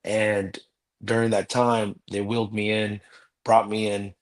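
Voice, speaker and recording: A man's voice: on the low side, level tone, measured pace. A man telling a personal story earnestly as a guest in a live interview.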